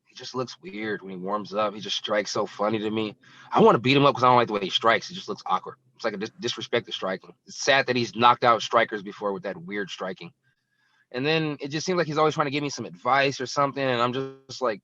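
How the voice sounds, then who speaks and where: A man's voice: mid-range voice, fast talker, pushed and bright, no echo. A young man, a professional fighter, rambling through casual interview answers with openly hostile trash talk. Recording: dull lo-fi dry sound.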